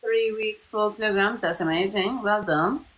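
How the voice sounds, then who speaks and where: A middle-aged woman hosting a live-stream Q&A as a company CEO, talking in a chatty, lively way and slipping into quoted voices. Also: mid-range voice, moderate pace, poor audio. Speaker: CEO of a medical tourism company, host.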